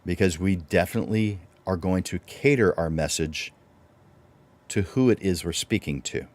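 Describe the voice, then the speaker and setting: A man's voice: sits low, normal speed, darkish tone. A man presenting a livestreamed speaking workshop, instructive and full of rhetorical questions.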